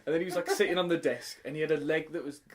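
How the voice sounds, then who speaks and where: A man's voice: fairly high pitch, fairly even intonation, rapid-fire, over a noisy crowd. A man, a teacher and podcast co-host, telling a funny story in casual chat and laughing often as he acts out voices.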